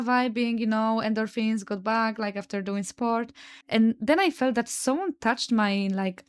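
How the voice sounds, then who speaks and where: A young woman with a Polish accent, hosting a podcast and telling stories in a chatty way, peppered with "like" and "no?" and swearing. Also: on the high side. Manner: chatty, lots of "like" and "no?" tags, swears freely. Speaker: podcast host. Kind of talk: casual storytelling monologue.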